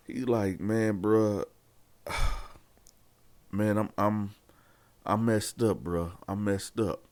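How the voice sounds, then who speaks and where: A man with a low voice tells a prison story at an unhurried pace, acting out each side of the talk. He keeps turning to his viewers to bring them in. The recording is dry and close, with no room sound. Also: no room sound. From Columbus, Ohio area. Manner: animated storytelling, acts out dialogue, addresses viewers as y'all. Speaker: channel host telling prison stories. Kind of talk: casual storytelling to camera.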